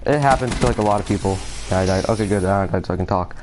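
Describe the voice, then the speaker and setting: A fairly low-voiced man rambles through his thoughts while playing a shooter game. He is hesitant and nervous and keeps restarting sentences with lots of fillers. A faint hiss of noise sits behind him. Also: rapid-fire. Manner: distracted, nervous, apologetic. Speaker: gaming video creator.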